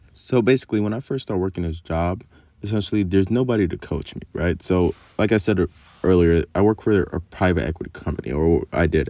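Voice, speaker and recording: Deep-voiced young man, casual storytime. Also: vocal fry, a little mellow, dry recording. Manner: rambling, profane, lots of fillers. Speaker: vlogger telling a story.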